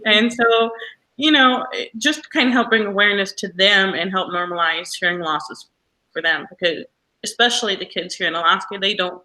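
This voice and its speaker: A woman's voice: mid-range voice, normal speed, pushed and bright, poor audio. A woman teacher sharing her personal story in an interview over a video call, hesitant and tearful at times.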